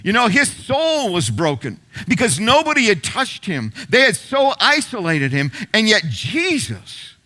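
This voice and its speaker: A middle-aged man preaches to his congregation as pastor, retelling a story with repeated phrases for emphasis. His voice sits high and bright. He lets some words fall to a near hush before building back up. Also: huge pitch swings, normal speed, hardly any pauses. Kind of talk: sermon.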